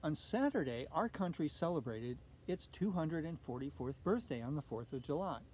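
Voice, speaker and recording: A man reading a children's picture book aloud for a church, friendly and expressive as he tells the story. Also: on the high side, moderate pace, slight background noise.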